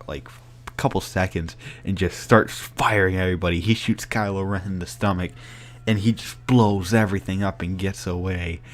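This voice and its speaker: A man giving a casual spoken movie review, excited and rambling with many filler words. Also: deep voice.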